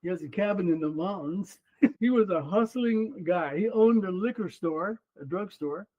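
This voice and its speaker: Speaking from a room in his home, this podcast guest, a Mexican former runner and coach in his seventies, has a high-sitting, mellow voice at normal speed. He tells personal stories earnestly in conversation, with frequent "you know"s, over dull lo-fi audio.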